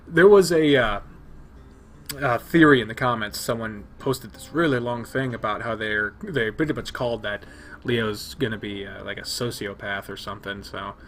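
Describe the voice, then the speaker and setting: A man hosting a let's play, reading a visual novel aloud with excitable, rambling, profane reactions. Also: on the low side, moderate pace, a little hiss or hum. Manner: excitable, swearing, rambling asides.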